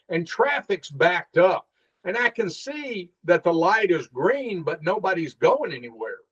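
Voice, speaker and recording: A middle-aged man and former police officer telling stories in a casual interview, acting out the dialogue as he goes. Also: a little high. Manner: animated storyteller, acts out the dialogue. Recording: dull lo-fi sound.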